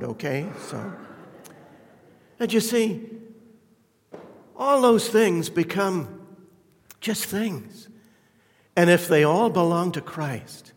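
A man preaching a sermon, fervent and emphatic at the peaks, then dropping to a quiet, intimate tone. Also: on the high side, big-room sound.

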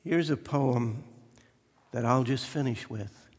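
Slow, earnest preacher in an echoey church. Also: male voice, mid-range voice, darkish tone, breathy edge. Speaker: pastor. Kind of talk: sermon.

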